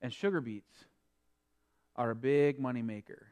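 A man preaching a sermon, swinging between quiet explanation and loud emphatic preaching. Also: mid-range voice, a little slow. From North Dakota. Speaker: pastor.

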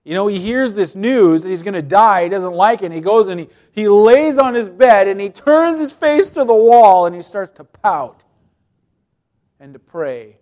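In this sermon, the preacher's high voice carries lively intonation at a moderate pace. Scripture is read out and forcefully explained, with swings from loud pleading down to subdued, quiet asides.

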